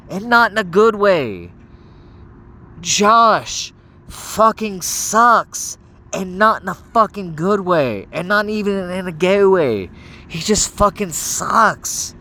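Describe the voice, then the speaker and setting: A man's voice: high-pitched, sharp tone, a little hiss or hum. A young man in a rambling, profane voice message, scolding someone and stammering as he restarts his sentences. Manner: stammers and restarts when heated. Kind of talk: ranting voice message.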